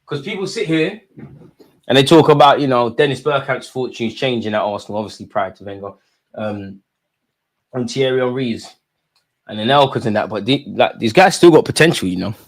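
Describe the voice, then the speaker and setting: A man talks through a live football watch-along in a loose, opinionated ramble full of slang. His voice sits at a middling pitch. The sound is dry and close, with little room around it. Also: moderate pace, no echo. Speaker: football fan channel host.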